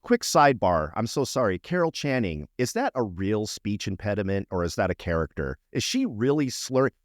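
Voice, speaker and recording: Middle-aged man, podcast co-host, casual storytelling, slightly low voice, dry close sound. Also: normal speed, dry recording. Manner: animated storytelling, frequent "right?" asides. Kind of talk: casual chat.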